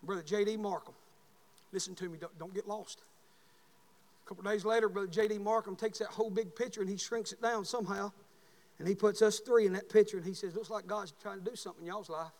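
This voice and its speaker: A man preaching a sermon as pastor, telling folksy stories and building to shouted calls. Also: high-pitched, fairly even intonation, quick pace. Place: church sanctuary. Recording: long hall reverb.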